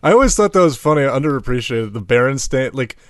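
A man's voice: mid-range voice, lively intonation, fast talker. A man in casual podcast chat, jokey and swearing, laughing often and slipping into silly voices.

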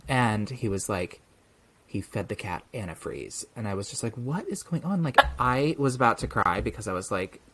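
In casual podcast chat, this young male co-host spins a story and performs the quoted voices of its characters. His voice sits on the low side and moves at a normal speed.

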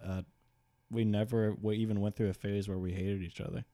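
A man's voice: lowish voice, little pitch movement, fairly quick, mellow. A young man chatting casually on a podcast with dry humor. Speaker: podcast co-host. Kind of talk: casual chat.

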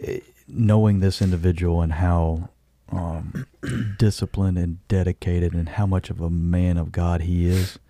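A man who is a guest on a podcast, talking in a halting, heartfelt way and often repeating words. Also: deep voice, little pitch movement, dark tone, dry recording. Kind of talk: casual conversation.

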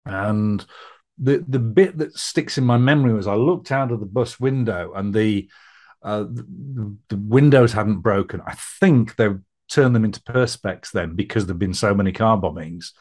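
A man's voice: fairly low pitch, normal speed, darkish tone. A middle-aged man with a Middle English accent and a northern twang, a podcast guest telling his life story in a chatty, rambling way, often laughing, with many fillers. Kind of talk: personal storytelling interview.

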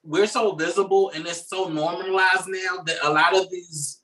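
A woman's voice: fairly low pitch, steady tone, normal speed, fairly bright tone, rough recording. A woman in casual conversation, speaking bluntly and outspokenly.

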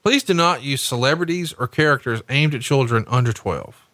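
A man's voice: medium pitch, normal speed, a bit bright, no echo. A man co-hosting a podcast in casual chat, profane and wisecracking, reading rules in a mock-formal tone. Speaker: podcast co-host.

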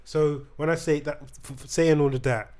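A man's voice: fairly high pitch, steady tone, normal speed, darkish tone. Rambling young man hosting. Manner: rambling, restarts, teasing. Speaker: podcast host. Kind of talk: casual chat.

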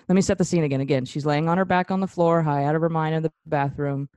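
A woman in her thirties with a notably low voice tells a story in a relaxed, chatty way and laughs often as she talks. The sound is dry and close, with no room around it. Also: fast talker, clear, resonant tone, no echo. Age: 30s. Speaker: podcast host. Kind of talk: casual chat.

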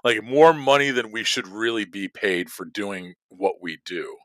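A man's voice: on the low side, expressive, measured pace, a bit bright, no echo. A man in casual chat about a film, rambling with restarts, swearing and recommending it. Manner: rambling, restarts, profane, enthusiastic. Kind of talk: casual movie review chat.

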